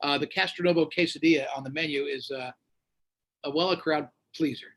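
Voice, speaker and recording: Animated storytelling radio host. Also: male voice, a little high, brisk. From United States. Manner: animated, acts out quoted voices. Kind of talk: casual storytelling. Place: Florida.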